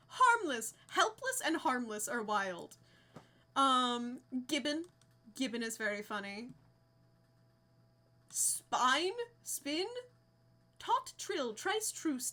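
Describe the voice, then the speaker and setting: A woman's voice: on the high side, bright, forceful tone. A young woman live streaming a game, chatting casually and giggling as she reads out names with delight.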